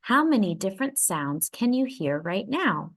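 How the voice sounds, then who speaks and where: Woman storyteller for a kids' read-aloud: unhurried, very animated delivery, plays up every sound word. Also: medium pitch. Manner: expressive, voices the sound words playfully. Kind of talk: children's picture book read-aloud.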